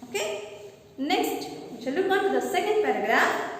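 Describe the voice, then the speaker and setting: Woman teacher, high voice, reads a passage then explains it, heard from far off in a reverberant hall. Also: sing-song, normal speed, fairly bright tone. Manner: reads the text aloud, then explains it with frequent "okay?" and "means". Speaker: English teacher. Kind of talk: classroom lesson explaining a textbook passage. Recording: very echoey room, voice far from the mic.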